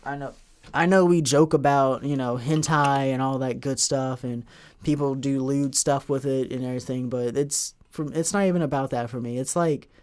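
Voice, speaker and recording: A young man talks alone on his podcast in a loose, rambling way, full of slang and asides. His voice sits at an ordinary middle pitch, and he drifts from one thought to the next without hurry. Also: moderate pace, smooth. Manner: rambling, relaxed slang-filled talk. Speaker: podcast host. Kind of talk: casual solo podcast talk.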